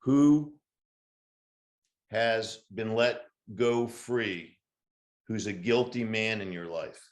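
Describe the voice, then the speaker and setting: A man co-hosting a podcast in a casual chat, telling stories in a wry, rambling, deadpan way. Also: fairly low pitch, extremely slow. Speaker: podcast co-host. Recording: roomy echo.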